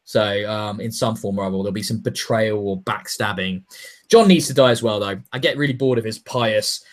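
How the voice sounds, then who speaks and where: A man co-hosting a podcast in casual chat, animated and jokey, talking in quick bursts. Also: on the low side. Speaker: podcast co-host.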